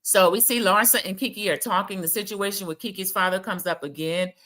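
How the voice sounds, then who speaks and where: A woman's voice: medium pitch, steady tone, brisk, pushed and bright. A woman hosting a casual, gossipy recap of a reality TV episode, talking straight to her viewers. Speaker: TV recap host.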